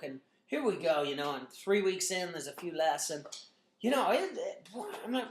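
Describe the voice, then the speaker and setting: A man in his thirties, a gym owner and trainer, giving a blunt, energetic motivational talk to a group full of "you know" fillers. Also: high-pitched, moderate pace, a little hiss or hum. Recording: echoey room.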